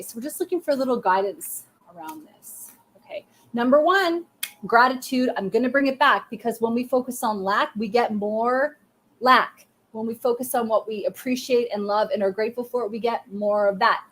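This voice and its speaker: During a live-stream reading, a woman medium talks to viewers at normal speed in a highish voice, keeping her phrases short, reassuring, and dotted with "okay." Slight background noise can be heard.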